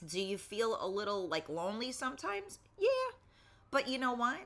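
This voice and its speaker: A middle-aged woman hosting a casual talk show, blunt and swearing freely, losing her voice and often clearing her throat. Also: fairly high pitch, very animated, moderate pace, fairly bright tone. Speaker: show host.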